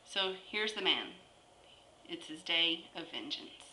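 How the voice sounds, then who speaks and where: A woman tells a long joke in a bright, forceful voice that sits a little low. She takes her time, stretching the story out with pauses between phrases. The room around her is echoey, with faint ambience in the background. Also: lively intonation, slight background noise.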